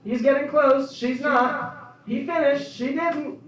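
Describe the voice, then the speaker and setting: A man putting on a frantic, fast-talking male horse race announcer voice in an echoey room. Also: very high voice, steady tone, fairly bright tone, pitched above the performer's own voice, exaggerated voice. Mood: excited. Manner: rapid rising announcer patter. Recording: echoey club room, distant dull mic.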